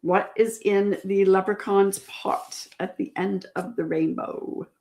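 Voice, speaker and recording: A woman's voice: medium pitch, steady tone, takes it slowly, warm tone. A woman hosting a casual livestream trivia chat, patiently repeating each question and reading out viewers' answers. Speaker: livestream host.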